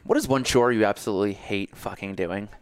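A man's voice: lowish voice, fairly quick, smooth, no room sound, clean studio sound. A young man from Connecticut, a business coach, chatting casually and telling stories with playful exaggeration. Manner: animated storytelling, playful exaggeration. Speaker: business coach for personal trainers. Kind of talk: casual chat.

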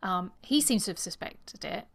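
A woman co-hosting a book podcast, chatting in an animated way with frequent laughs and reading passages aloud. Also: mid-range voice, moderate pace, creaky, a little hiss or hum. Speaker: podcast co-host.

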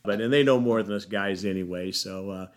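A man hosting a faith podcast, introducing guests haltingly and leading a prayer. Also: fairly low pitch. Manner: warm, halting, with fillers and restarts. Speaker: podcast host.

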